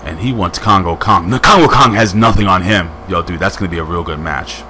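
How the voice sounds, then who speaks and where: A man casually reviewing a wrestling show, rambling and joking with quick asides, hyped up on strong coffee. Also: sits low, slight background noise. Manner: rambling, jokey, lively asides.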